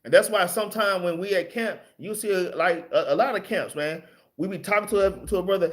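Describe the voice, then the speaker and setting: A man's voice: sits high, brisk. A man teaching a casual Bible study, plain-spoken and loose, often ending his phrases with "man" and letting slip some mild swearing.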